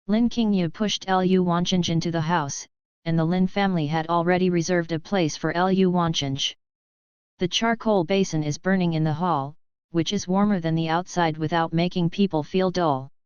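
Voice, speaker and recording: A woman narrating an audiobook novel in a steady, unhurried reading voice. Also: fairly low pitch, clear, resonant tone, dry recording, highs cut off.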